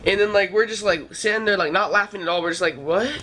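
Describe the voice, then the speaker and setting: A man's voice: high voice, quick pace, pushed and bright, slight background noise. A young man vlogging, telling a rambling, profane story full of fillers. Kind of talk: casual storytelling. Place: California trip, downtown L A.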